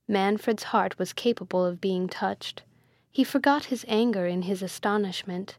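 A woman narrating a classic novel as an audiobook, in a slow, measured, formal reading. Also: medium pitch, no room sound, studio quality.

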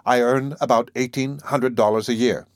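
A man reading aloud and voicing a composed, gracious young woman poet in a soft, gently raised voice. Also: mid-range voice, steady tone, normal speed, dry recording, clean studio sound, natural voice.

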